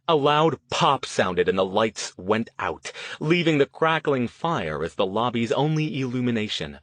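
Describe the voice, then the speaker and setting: A man reading an audiobook in measured scripted narration. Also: mid-range voice, big pitch swings, fairly bright tone, no room sound.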